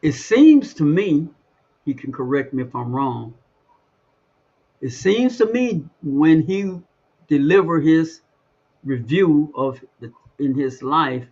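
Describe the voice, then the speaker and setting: A man hosting an interview, asking his question in a halting way while he searches for words. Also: fairly high pitch, lively intonation, a little mellow, husky, muffled recording. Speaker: host.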